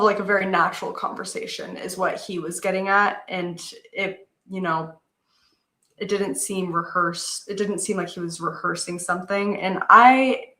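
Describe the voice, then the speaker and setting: Female podcast guest, rambly and filler-heavy, bright tone, echoey video call. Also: medium pitch. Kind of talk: casual interview retelling.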